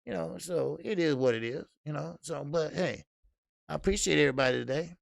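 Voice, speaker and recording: Male boxing host, slightly high and very gravelly, blunt, profane, rambling with fillers. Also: brisk, no echo, clean studio sound. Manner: excitable, blunt and profane, many repeated fillers. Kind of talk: casual livestream commentary.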